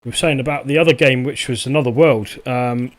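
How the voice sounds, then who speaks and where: A man's voice: mid-range voice, a little fast, a little hiss or hum. Easygoing man streaming retro games. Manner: relaxed, hesitant, chatting to viewers. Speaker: game streamer. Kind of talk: live gaming stream chat.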